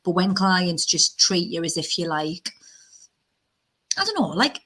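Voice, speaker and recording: Lower-voiced British woman, frank and animated. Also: unhurried, slightly rough. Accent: British English. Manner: animated, frank and talkative, voice jumping up when emphatic. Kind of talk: casual podcast chat.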